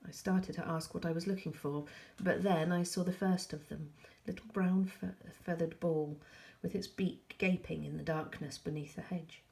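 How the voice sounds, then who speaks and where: Teacher reading a class novel aloud, low gravelly voice, calm, measured pace. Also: female voice. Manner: calm, measured narration with soft asides.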